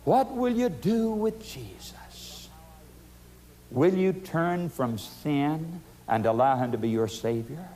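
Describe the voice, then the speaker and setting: A man in his sixties preaches with dynamic force, his fairly high voice rising into urgent, pleading questions and dropping to a near-hush. He keeps calling his listeners "friends" and presses them hard for an answer. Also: expressive, takes it slowly. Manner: dynamic, dramatic swings from loud pleading to hushed intensity. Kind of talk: evangelistic sermon.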